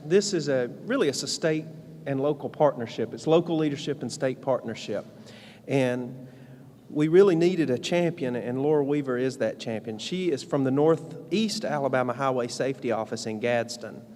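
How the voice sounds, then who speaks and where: Male presenter at a public event, steady and emphatic, in a reverberant hall. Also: mid-range voice. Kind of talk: speech at a press event. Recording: long reverb in a large hall.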